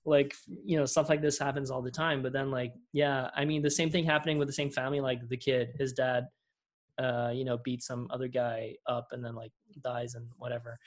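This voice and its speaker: A man's voice: medium pitch, level tone, brisk. A man co-hosting a podcast in casual chat. He rambles, laughs often and slips into silly voices. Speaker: podcast co-host.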